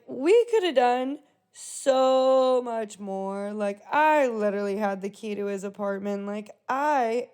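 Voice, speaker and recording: A young woman hosting a podcast, telling a personal story in a casual, profane, animated way with frequent laughter. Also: a little high. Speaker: podcast host.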